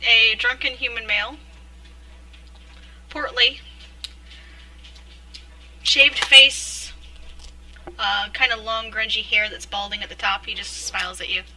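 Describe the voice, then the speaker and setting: A woman with a very bright, slightly high voice narrates a tabletop game as game master. She talks in a relaxed way, full of ums and small hesitations. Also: takes it slowly, long pauses, rough recording. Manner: relaxed, hesitant with fillers and frequent laughs.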